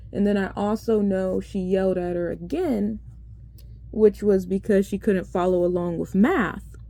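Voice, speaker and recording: Mellow-voiced young woman telling school stories. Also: mid-range voice, no room sound. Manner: rambling, retells classroom scenes with many asides. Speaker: teaching assistant. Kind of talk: casual vlog storytelling.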